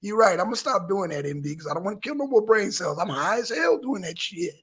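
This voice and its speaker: A man doing loud, animated political commentary on a live stream, with theatrical gasps and mock panic. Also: sits high, fast talker, breathy edge. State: dizzy, out of breath after holding breath. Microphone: camera mic.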